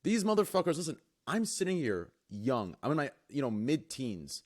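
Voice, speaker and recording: A man on a podcast, talking casually and excitedly, stammering and swearing. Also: medium pitch, normal speed.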